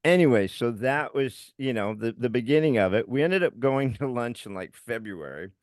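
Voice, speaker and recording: A man's voice: mid-range voice, moderate pace, no room sound, clean studio sound. Laughing male podcast storyteller. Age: middle-aged. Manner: animated, laughs while telling a story. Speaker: podcast co-host. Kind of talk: casual storytelling.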